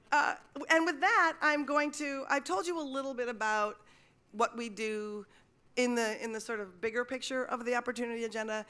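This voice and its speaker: A woman's voice: mid-range voice, sharp tone, smooth. A middle-aged woman from Minnesota emceeing an awards evening on stage, telling wry comic stories and acting out the voices of the people in them. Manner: wry storytelling, acts out voices in quotes. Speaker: event emcee. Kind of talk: stand-up comedy and emceeing at an awards event. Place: event hall stage. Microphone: stage microphone.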